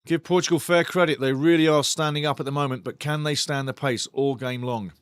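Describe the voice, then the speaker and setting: A man's voice: a little high, steady tone, a little fast, smooth, dry recording, studio quality. A man hosting a live match watch-along, commenting on the play and talking passionately to his chat. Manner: passionate, talks straight to chat; ranting, indignant.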